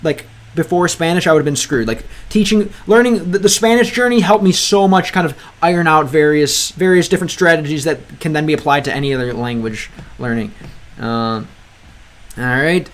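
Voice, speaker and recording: Casual streamer man with a slightly high voice, halting, filler-heavy delivery, slipping into learner Russian. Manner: halting, fills gaps with many ums and uhs; slips between English and learner Russian. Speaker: livestream host reading chat. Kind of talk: casual livestream chat.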